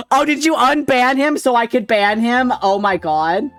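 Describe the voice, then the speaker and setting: A man's voice: very high voice, lively intonation, normal speed, a bit bright, no echo, faint music behind. A man streaming live, chatting casually with viewers in a rambling way, laughing often and swearing freely.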